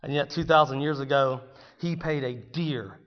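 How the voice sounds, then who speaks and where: Guy preaching a sermon, goes quiet then yells, kinda muffled, echoey church hall. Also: mid-range voice, normal speed. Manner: dramatic, swings from hushed to shouting. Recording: dull sound with long hall reverb.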